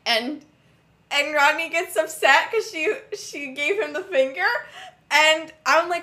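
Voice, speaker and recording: A young woman co-hosting a podcast in casual chat, telling a scene with relaxed amusement. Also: high voice, unhurried. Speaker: podcast co-host.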